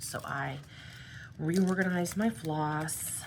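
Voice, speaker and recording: Woman, young adult, low voice, casual crafting chat, tired, rambling. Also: very animated, a little slow, noisy background. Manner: tired, rambling, soft-spoken with yawns. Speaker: crafting vlogger.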